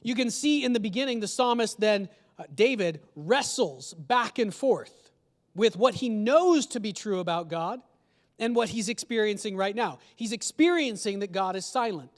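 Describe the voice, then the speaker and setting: A man's voice: sits high, lively intonation, normal speed. A male pastor preaching a sermon in a conversational way, asking his congregation questions. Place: church sanctuary. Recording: long church hall reverb.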